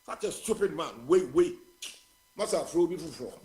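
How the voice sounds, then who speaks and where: This is an older Ghanaian man phoning in to a talk radio program, and he is outraged at the country's leaders. His voice sits high and rises and falls widely as he drives his points home. He mixes Twi and English freely, hammering each word of condemnation. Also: animated, normal speed, warm tone. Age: 70s. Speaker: caller. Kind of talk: heated political call-in.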